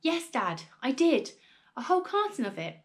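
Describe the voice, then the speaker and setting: A woman doing a calm, earnest young boy. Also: high voice, moderate pace, pitched above the performer's own voice. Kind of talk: reading a storybook aloud.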